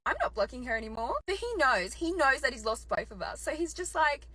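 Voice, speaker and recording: A woman's voice: high-pitched, brisk, few pauses, dry recording, rough recording. A young woman telling a personal story in an emotional monologue, her voice cracking and jumping up when she gets outraged. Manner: animated, voice cracks and rises to near shouts when outraged. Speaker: storyteller in a clip.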